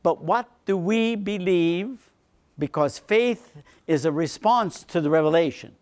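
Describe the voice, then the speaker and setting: A man, a priest, giving a lecture on faith to a seminar, repeating phrases for emphasis and dropping into quiet low asides. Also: unhurried. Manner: animated, swings between emphatic lines and quiet low asides.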